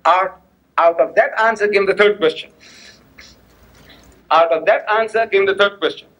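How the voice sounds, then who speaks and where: Male religious lecturer, high voice, storyteller who repeats lines, asks rhetorical questions and acts out both sides of dialogue, speaking in a mosque hall. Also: moderate pace, a bit bright. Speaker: Islamic lecturer.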